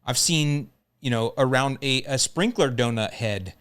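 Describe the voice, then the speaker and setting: A man's voice: mid-range voice, unhurried, fairly bright tone, clear, resonant tone. A middle-aged man hosting a lawn care podcast, telling a story in a casual, joking way.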